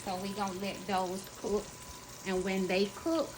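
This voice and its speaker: A woman's voice: medium pitch, level tone, a little slow, background noise. A woman with a Southern US accent, hosting a casual home cooking demonstration in a folksy, chatty way and talking straight to her viewers. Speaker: cooking show host. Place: home kitchen.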